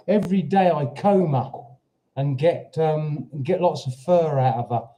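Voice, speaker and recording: Slow, chatty British man livestreaming. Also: fairly high pitch, mellow. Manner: chatty, rambling, talks to his dog and reads out viewer comments. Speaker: livestream host. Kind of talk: casual livestream chat. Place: home in Portugal.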